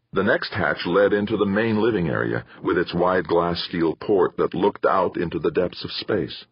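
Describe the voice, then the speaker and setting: A man narrating an audiobook in an even, descriptive storytelling manner. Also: deep voice, slightly rough, dry recording, dull audio. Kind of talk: scripted narration.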